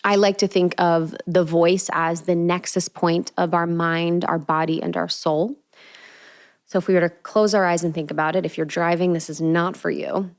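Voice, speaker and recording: A woman's voice: lowish voice, steady tone, moderate pace. A young adult woman hosting a solo podcast, talking in an earnest, spiritual, casual way with lots of "like.". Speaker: podcast host. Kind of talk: reflective solo podcast monologue.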